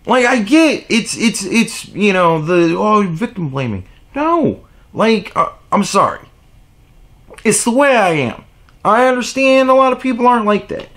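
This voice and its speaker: Guy venting on his vlog, high voice, swears a lot, sarcastic, all over the place in pitch. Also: sing-song, unhurried, a bit bright. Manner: profane, exasperated ranting; sarcastic, mocking asides. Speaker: vlogger. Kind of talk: opinion vlog rant.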